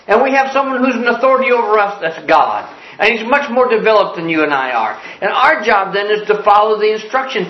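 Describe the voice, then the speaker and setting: A man's voice: high-pitched, roomy sound, lo-fi sound. An older man preaching a sermon as a pastor, telling folksy classroom stories to make his points. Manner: folksy storytelling with classroom examples.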